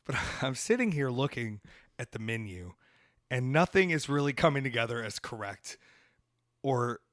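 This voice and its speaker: A Southern American podcast host rambles through a casual story, animated and unfiltered, dropping an occasional swear. His pitch is an ordinary middle, his pace normal, and the sound is close and dry with no echo.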